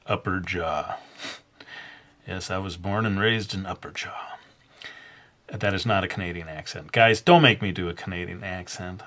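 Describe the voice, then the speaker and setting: A man's voice: lowish voice, a bit bright. A man narrating a drawing tutorial in a loose, rambling way, full of fillers and little self-deprecating jokes. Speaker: drawing instructor.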